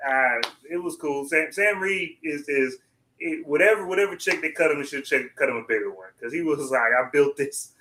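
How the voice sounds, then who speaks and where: A man co-hosting a TV review show in casual chat, talking quickly and rambling with many restarts as he voices his own thoughts. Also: a little high, lively intonation, pushed and bright, slight background noise. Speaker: TV review podcast co-host.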